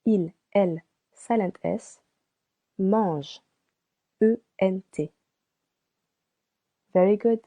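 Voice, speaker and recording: A woman teaching a beginner French lesson, slowly spelling out and repeating each word for practice. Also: mid-range voice, dark tone, highs cut off. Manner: slow and deliberate, repeats words for practice. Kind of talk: slow scripted language lesson.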